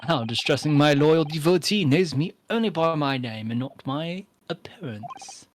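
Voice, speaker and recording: A streamer voicing a pompous Victorian gentleman detective during a live read of game dialogue, with grand, theatrical phrasing. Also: mid-range voice, animated, moderate pace, slight background noise, pitched above the performer's own voice, natural voice. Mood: lofty. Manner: grandiose, theatrical formal speech.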